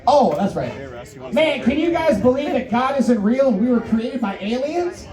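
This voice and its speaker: High, lively male comedy emcee in a bar. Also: moderate pace. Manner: loud, hyped crowd-working. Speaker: comedy show host. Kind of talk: stand-up emcee banter. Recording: roomy live bar, distant mic, crowd. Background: crowd.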